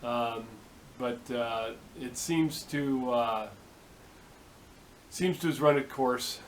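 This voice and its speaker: A man's voice: medium pitch, slow pace, a little hiss or hum, poor audio. Easygoing man rambling in his workshop. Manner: easygoing, many "uh" and "um" fillers. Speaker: workshop video host. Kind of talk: casual rambling vlog talk. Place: home workshop.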